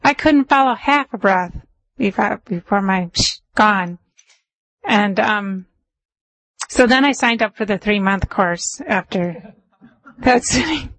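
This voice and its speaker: A woman meditation teacher giving a dharma talk, telling stories in a chatty way with laughs and easing into a calm, measured pace. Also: medium pitch, no echo, poor audio.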